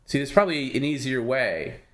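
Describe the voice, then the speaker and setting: A man's voice: mid-range voice, very animated, a little fast, a bit bright. A man hosting a livestream who talks in a dry, needling way and explains things patiently. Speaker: host. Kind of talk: livestream banter.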